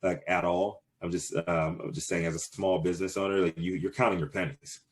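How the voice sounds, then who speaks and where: A man's voice: low voice, flat delivery, brisk. A man in his thirties answering interview questions casually, rambling with many fillers and restarts. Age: 30s. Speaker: cannabis business owner, guest.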